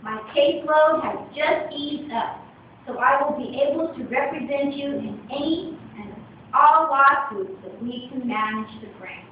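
A woman voicing a sly, smooth-talking male fox lawyer in a storybook reading. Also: sits high, a little slow, a little hiss or hum. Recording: echoey room from far, dull lo-fi.

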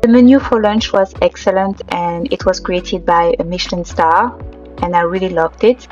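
A woman's voice: lowish voice, moderate pace, darkish tone, recorded from a distance, lo-fi sound. A young woman giving a cheerful, easygoing commentary as a travel vlogger. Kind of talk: casual vlog voice-over. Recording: faint background music.

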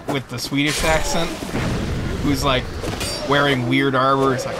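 A man's voice: medium pitch, fairly even intonation, measured pace, long pauses, heavy background noise. A young man chatting in an amused, rambling way as co-host of a game stream. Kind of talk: casual gameplay commentary.

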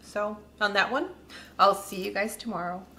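A woman's voice: medium pitch, fairly even intonation, moderate pace, sharp tone. A woman hosting a casual cooking demonstration in a home kitchen, chatting directly to her viewers. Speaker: cooking vlog host.

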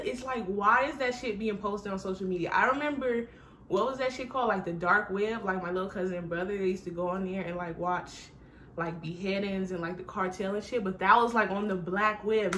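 A woman's voice: mid-range voice, fairly bright tone, slight background noise. Rambling, profane young woman vlogger. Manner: rambling, profane, trails off and sighs often. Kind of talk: casual chat to camera.

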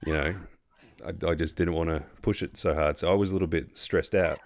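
A man's voice: low voice, fairly even intonation, fairly quick. An Australian man hosting a casual chat, telling a long story in a rambling way with lots of fillers, restarts and swearing. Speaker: host.

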